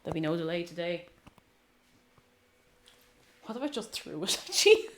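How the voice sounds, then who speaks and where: A woman's voice: lowish voice, big pitch swings, normal speed, background noise. A woman with an Irish accent casually chatting with her livestream viewers while baking, playfully greeting them by name. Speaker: livestream host.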